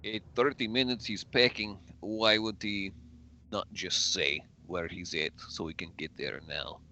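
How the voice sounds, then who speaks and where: A man's voice: low-pitched, fairly even intonation, measured pace, pushed and bright. A man playing in a tabletop game, talking bluntly and swearing freely. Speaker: player. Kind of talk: casual tabletop game play.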